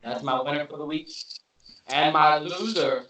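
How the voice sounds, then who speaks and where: A man's voice: a little high, normal speed, fairly bright tone, lo-fi sound, slight background noise. A man co-hosting a podcast, joking and teasing his co-hosts in casual chat. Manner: joking, teasing, playfully indignant. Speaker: podcast co-host.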